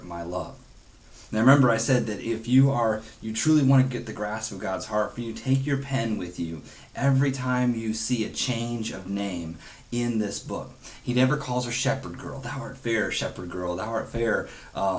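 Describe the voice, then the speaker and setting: A man's voice: medium pitch, darkish tone. A man leading a devotional Bible study, earnest and conversational, dropping in chuckles and quoted asides.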